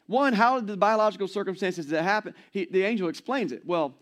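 A man in his forties gives a sermon in a slightly higher voice than most men. His tone is chatty and playful, and he often slips into little acted-out voices. It sounds like a pastor talking easily to his congregation. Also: fairly quick. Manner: conversational, playful, acts out quotes.

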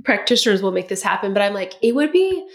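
A woman's voice: medium pitch, sing-song, fast. A woman hosting a podcast, talking reflectively and affirming her guest with frequent "yeah" and "like". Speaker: podcast host. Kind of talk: podcast conversation.

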